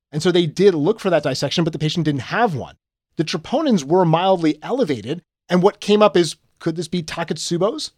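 Male podcast co-host, fairly high-pitched, dry close sound, explanatory teaching delivery. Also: darkish tone, dry recording. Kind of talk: conversational medical podcast summary.

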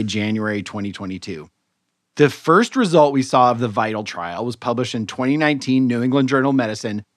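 A man co-hosting a medical podcast, casually explaining research papers and pausing to rephrase as he goes. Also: mid-range voice, no echo, clean studio sound. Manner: explanatory, relaxed, thinks aloud with restarts. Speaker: podcast co-host physician reviewing papers. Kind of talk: conversational medical journal review.

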